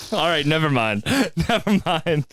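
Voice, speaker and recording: High, lively young male podcast host. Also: slow, dry recording. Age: 20s. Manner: jokey, laughs often. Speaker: podcast host and stand-up comedian. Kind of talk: casual interview chat.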